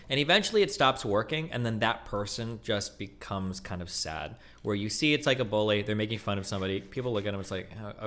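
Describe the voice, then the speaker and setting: A man's voice: mid-range voice, sharp tone. A man streaming, giving casual reaction commentary in a rambling, profane way with many fillers and restarts.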